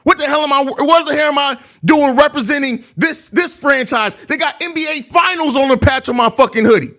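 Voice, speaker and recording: A man's voice: extremely high pitch, a little fast, bright, forceful tone. A young man with a Chicago accent hosting a live postgame show, ranting heatedly and cursing. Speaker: podcast host.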